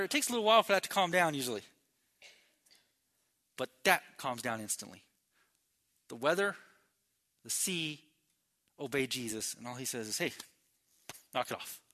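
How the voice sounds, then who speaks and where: A man from New Mexico preaching a sermon, telling a story with acted-out voices and swinging between loud and hushed delivery. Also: fairly high pitch. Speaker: pastor.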